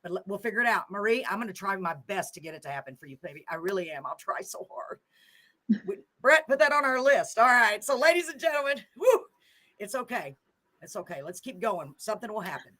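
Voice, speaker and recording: A woman's voice: medium pitch, sing-song, a little fast, sharp tone. An older woman hosting a radio show, chatting casually and emotionally, often laughing. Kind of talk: casual chat.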